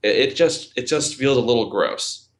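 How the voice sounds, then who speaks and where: A man's voice: medium pitch, moderate pace. A man hosting a casual podcast film discussion, thoughtful and hesitant, with many fillers. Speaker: podcast host and film reviewer.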